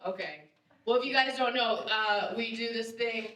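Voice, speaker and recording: A young woman performing a lively stand-up comedy set in a theater, laughing at her own jokes and shouting the punchlines. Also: fairly high pitch, normal speed. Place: live theater stage. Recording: roomy theater sound, distant mic.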